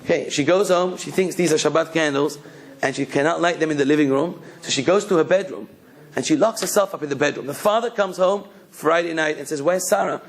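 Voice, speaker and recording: Male rabbi, sermon storyteller, slightly high pitch. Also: a little fast. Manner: telling a story, then exhorting the listeners.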